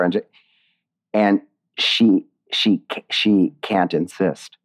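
Deep-voiced man, reflective and rambling. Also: steady tone, drawn-out words. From Indiana, USA. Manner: reflective and digressive, with many restarts. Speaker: playwright and author being interviewed. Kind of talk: casual interview conversation.

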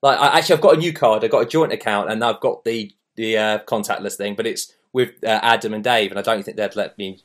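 A man's voice: lowish voice, fast, hardly any pauses. A man co-hosting a podcast, chatting in a jokey way with lots of restarts. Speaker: podcast co-host. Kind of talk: casual chat.

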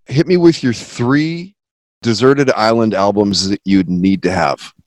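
A man hosting a casual podcast interview, asking quick questions and reacting briefly to the guest. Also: fairly low pitch, darkish tone, no echo. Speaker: podcast host.

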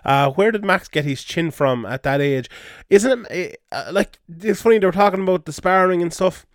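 A man hosting a podcast in casual sports chat, reading listener questions and answering quickly. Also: high voice, no room sound, studio quality. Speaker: podcast host.

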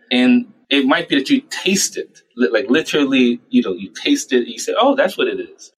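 A young adult man, a child psychiatrist, giving conversational interview answers and acting out parents and himself in quick little voices. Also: mid-range voice, a bit bright, poor audio. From United States.

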